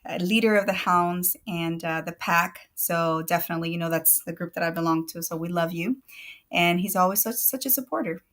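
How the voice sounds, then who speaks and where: Gushing, bright-voiced woman guest. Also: on the low side, fairly quick. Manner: effusive, gushing, laughs often. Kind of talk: casual chat.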